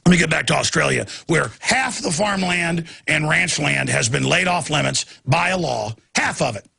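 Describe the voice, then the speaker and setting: A man's voice: a little high, animated, moderate pace, vocal fry, sharp tone, breathy edge. A man hosting a talk show, ranting in emphatic, sarcastic political commentary with frequent restarts.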